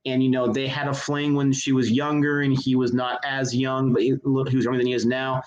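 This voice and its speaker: A man's voice: medium pitch, level tone, a little fast, muffled recording. A man in his thirties co-hosting a casual movie review chat, gushing with enthusiasm. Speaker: co-host of a movie review show. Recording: connection issues on the audio.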